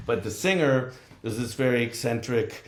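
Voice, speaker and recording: A man's voice: medium pitch, expressive, moderate pace. A man from Los Angeles, a guest musician, telling rambling road stories casually and swearing freely. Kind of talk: casual storytelling. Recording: roomy echo.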